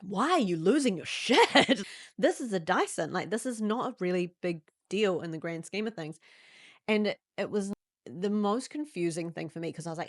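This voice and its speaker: A young New Zealand woman hosting a podcast, telling a personal story candidly and acting out quoted lines in sudden high voices. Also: expressive, moderate pace, dry recording, studio quality. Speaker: podcast host.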